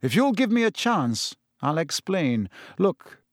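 Brief: a calm, tired middle-aged male teacher, read by a man, patient and measured, with a dry, close sound. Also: high-pitched, no room sound, pitched above the performer's own voice, full character voice.

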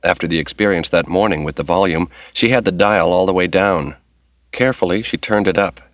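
A man narrating an audiobook in a steady, measured reading voice. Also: low voice, no room sound. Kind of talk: scripted narration. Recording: dull lo-fi recording.

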